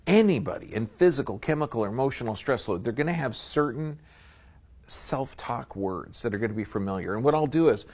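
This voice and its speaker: A man's voice: mid-range voice, animated, brisk, darkish tone. A man giving a live seminar lecture, folksy and emphatic, often checking in with his audience. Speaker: seminar speaker.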